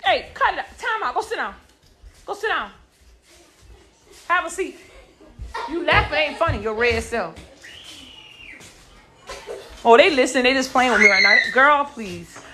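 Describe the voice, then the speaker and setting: A young woman live streaming from a busy family home on her phone, chatting casually and scolding her children loudly and bluntly. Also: high-pitched, animated, measured pace, long pauses, music in the background. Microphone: phone camera.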